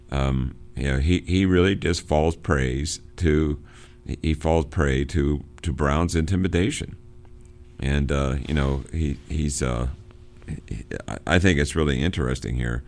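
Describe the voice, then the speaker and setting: Middle-aged male teacher with a very low, gravelly voice, halting, filler-heavy classroom talk. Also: a little mellow. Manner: halting, many fillers and restarts. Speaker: literature teacher. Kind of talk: informal lecture on a novel.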